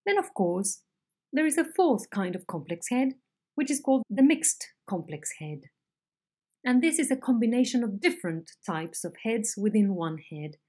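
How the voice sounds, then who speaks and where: A woman teaching a phonetics lesson, explaining slowly and modelling intonation patterns on example sentences. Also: a little high, very animated, darkish tone. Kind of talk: recorded online lecture.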